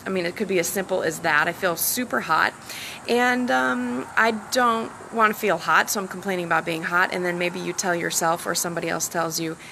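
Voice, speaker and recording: Woman coach, bright and gravelly, animated live-stream talker, a little sore-throated, outside by the sea with faint background hum. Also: fairly low pitch, a little fast, poor audio. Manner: animated, acts out quoted dialogue. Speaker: self-love coach and hypnotherapist. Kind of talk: casual live-stream talk. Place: outdoors by the ocean.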